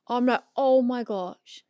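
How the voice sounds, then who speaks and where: A woman in her thirties, a podcast co-host, chatting casually and telling a story with animated reenactment. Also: medium pitch, no echo, studio quality. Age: 30s.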